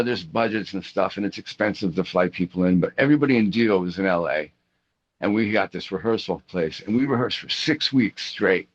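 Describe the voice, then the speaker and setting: A middle-aged man with a fairly low voice tells casual, rambling stories in an interview. He restarts often, leans on fillers, and animates the people he quotes. The audio is dull and lo-fi. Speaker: rock guitarist interviewee.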